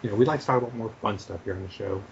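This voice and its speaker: A quick-talking man chats loosely on a homemade podcast, piling up fillers and restarts. His voice comes through a dull, lo-fi home mic over an online call. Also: fairly low pitch, creaky. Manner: rambling, filler-heavy, laughs often. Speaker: podcast co-host. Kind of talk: casual chat. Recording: dull lo-fi sound, faint noise.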